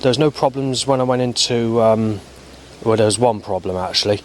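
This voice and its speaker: A man rambling through a spoken log of his day, halting often with ums and restarts. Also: medium pitch, slight background noise. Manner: halting, many ums and restarts, flat recounting. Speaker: vlogger.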